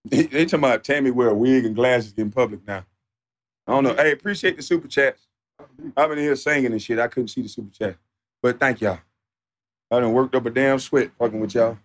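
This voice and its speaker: A man streaming live, ranting off the cuff in a profane, mocking, animated way that sometimes turns to shouting. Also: mid-range voice, fairly quick. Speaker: livestreamer. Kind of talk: off-the-cuff livestream rant.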